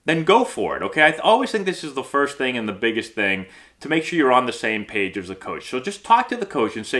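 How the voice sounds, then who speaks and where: A male baseball instructor hosts his own vlog in a friendly, conversational tone. His voice is bright and animated, with a mid pitch that moves around a lot. He keeps tagging questions onto his points. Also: fast. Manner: upbeat, conversational, constant "okay?" and "right?" check-ins.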